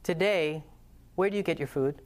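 A man's voice: fairly high pitch, normal speed. A man preaching a lesson to a congregation, passionate and earnest, telling stories and putting questions to the audience. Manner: conversational storytelling with restarts. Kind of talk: sermon-style lesson to a congregation.

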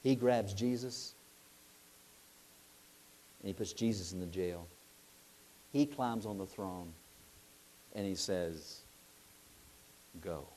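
Lively man preaching a sermon. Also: deep voice, slow, long pauses, a little hiss or hum. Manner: lively storytelling, acting out voices, asks the audience questions.

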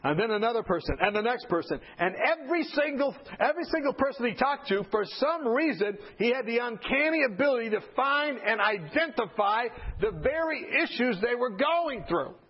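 Male preacher, storytelling sermon, very lively high voice, dull recording. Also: normal speed, few pauses, husky. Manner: animated, comic storytelling.

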